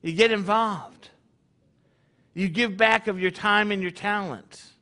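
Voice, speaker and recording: A man's voice: sits high, slow, sharp tone. A man leading his congregation in a conversational sermon, full of rhetorical questions. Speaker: congregation leader.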